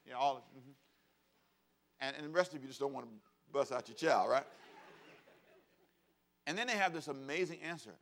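Preaching at a normal speed with long pauses, a middle-aged pastor speaks in a medium-pitched, fairly bright voice. His sermon is conversational and humorous; he asks the congregation to echo phrases and impersonates parents and children.

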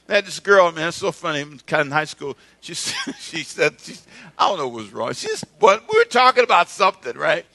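High bright preaching man. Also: very animated, a little fast. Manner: conversational preaching with call-and-response. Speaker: pastor. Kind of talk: sermon.

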